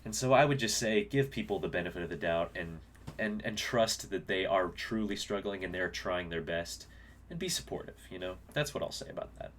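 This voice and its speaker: A man's voice: low voice, brisk, a bit bright. A man musician talking casually and reflectively through the lyrics of his own song, rambling with many fillers and restarts.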